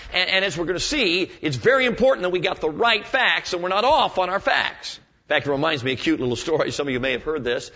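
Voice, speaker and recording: A man's voice: a little high, sharp tone. A man preaching a sermon to his congregation in a folksy way, telling stories and asking rhetorical questions. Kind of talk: evening sermon. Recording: dull lo-fi sermon recording.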